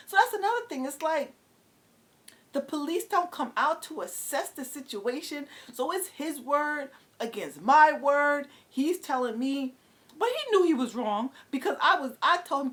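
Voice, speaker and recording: A middle-aged woman from New City, telling a story in an exasperated, halting vlog rant. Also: a little high. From New York City. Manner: animated, exasperated, halting with many fillers. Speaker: vlogger.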